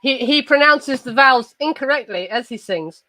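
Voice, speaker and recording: A woman's voice: sits high, expressive, moderate pace, bright, forceful tone, no echo, faint music behind, rough recording. A woman from England with an Estuary English accent, chatting casually as a podcast host, swearing freely and poking fun at herself. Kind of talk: casual chat.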